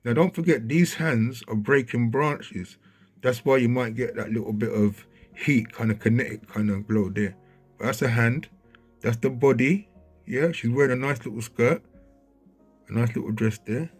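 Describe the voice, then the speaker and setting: A man with a husky, slightly rough voice talks over footage in a loose, conversational way. He grows excitable and keeps checking in with his listener. Faint music plays behind him. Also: medium pitch, normal speed. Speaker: video commentator. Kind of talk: casual commentary over footage. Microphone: handheld mic.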